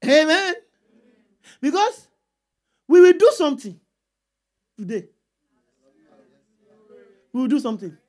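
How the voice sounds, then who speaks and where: High-voiced woman preaching. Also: very animated, slow, pauses often, darkish tone. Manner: call-and-response with the congregation, emphatic repeats. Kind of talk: sermon.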